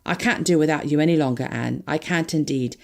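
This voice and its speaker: An impetuous young lover in an audiobook, his voice dropped low and gravelly, as a woman narrator plays him. He talks with urgent, commanding emphasis. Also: fairly quick. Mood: urgent, passionate.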